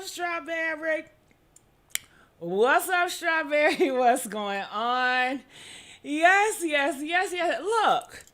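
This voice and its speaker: A high-pitched woman with a bright, sharp tone hosts a chatty gossip stream. She talks straight to her viewers and keeps calling them honey. She breaks into sudden whooping cries. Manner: exclamatory, calls out to viewers with "honey" and "okay?". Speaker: gossip show host. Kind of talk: casual livestream gossip chat.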